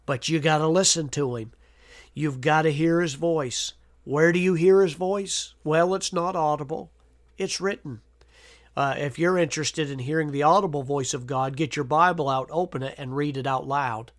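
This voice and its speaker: A man's voice: fairly high pitch, moderate pace. A man preaching a devotional sermon, earnest, with frequent "uh" fillers and repeated words. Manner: earnest, reads scripture aloud with emphasis.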